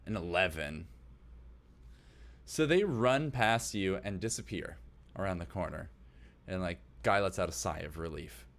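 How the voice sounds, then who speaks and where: A man's voice: low voice, animated, unhurried, long pauses, a bit bright. A man narrating as game master of a tabletop game, describing scenes loosely with many fillers.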